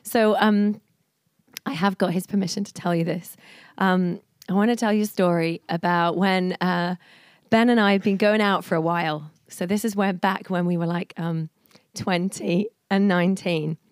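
A woman in her forties giving an informal, storytelling sermon at a church service. She talks in a chatty way, laughing often and filling pauses with plenty of ums. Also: fairly low pitch, fairly even intonation, clear, resonant tone, no echo, clean studio sound. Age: 40s. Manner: chatty, laughing, many fillers. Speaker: church speaker.

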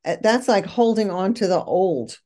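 A woman's voice: medium pitch, animated, moderate pace, mellow. A woman guest in a casual conversation, telling personal stories in an earnest, reflective way.

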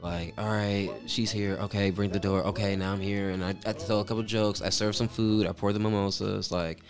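A man's voice: fairly low pitch, level tone, a little fast, soft background music. A man chatting casually as a guest, telling stories in a rambling, profane way full of fillers. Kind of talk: casual storytelling chat.

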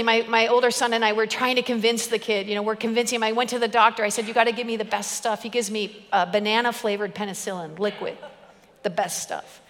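A woman preacher giving a humorous sermon, animated and playful, laughing often. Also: on the high side, in a large hall.

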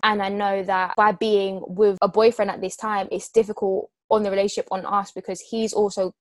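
A woman's voice: mid-range voice, flat delivery, a little fast, hardly any pauses, no room sound. A young woman in her twenties talking openly and with emotion in a casual heart-to-heart chat. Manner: open, emotional, frank.

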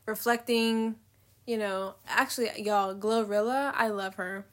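A woman's voice: mid-range voice, steady tone, measured pace. A nineteen-year-old woman hosting a casual solo podcast, rambling with lots of fillers and swearing, with a slight lisp. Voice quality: says she has a slight lisp. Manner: rambling, swears freely, filler-heavy, laughs at herself. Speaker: podcast host.

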